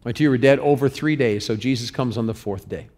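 Animated male preacher in a reverberant hall. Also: medium pitch, quick pace. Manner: animated, asks the congregation questions, repeats words. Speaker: pastor. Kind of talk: interactive sermon.

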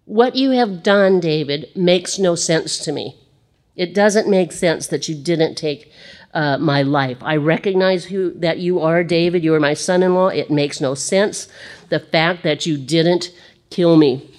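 A woman's voice: on the low side, measured pace, a little mellow, natural voice. A woman voicing a remorseful older male king, read in a plaintive, wondering way.

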